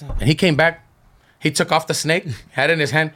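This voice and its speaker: A middle-aged man telling animated, slangy stories as a podcast guest, acting out the people in them. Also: fairly high pitch, fairly quick. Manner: animated, slangy storytelling full of quoted voices. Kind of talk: casual storytelling.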